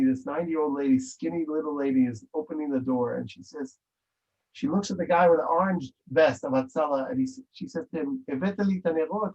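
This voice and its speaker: A man's voice: on the high side, a little mellow, slightly rough. A man telling a story in an interview, emphatic and repeating phrases. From Israel. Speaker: interview guest. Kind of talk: storytelling in conversation. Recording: dull lo-fi recording.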